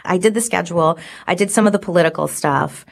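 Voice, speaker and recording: A woman's voice: fairly low pitch, fast, gravelly. A woman in her forties, a podcast guest telling stories in casual chat, full of "like" fillers. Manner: chatty storyteller, many "like" fillers.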